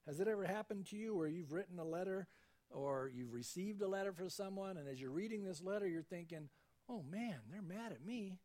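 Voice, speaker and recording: This is a pastor with a high-pitched voice giving an easygoing sermon at a fairly quick clip. He imitates the people he quotes as he goes.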